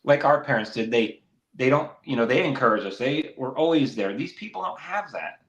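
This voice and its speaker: A man's voice: mid-range voice, moderate pace, dull audio. A man co-hosting a casual faith podcast, talking earnestly and at length, and acting out critics with sudden bursts of energy. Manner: earnest, rambling, animated when mimicking others. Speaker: podcast co-host. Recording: roomy echo.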